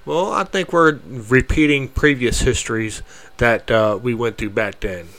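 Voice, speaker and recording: A man delivering part of a sermon in a halting way, with frequent restarts. His voice is mid-pitched. The recording is dry, with no room sound. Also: fairly bright tone, no echo.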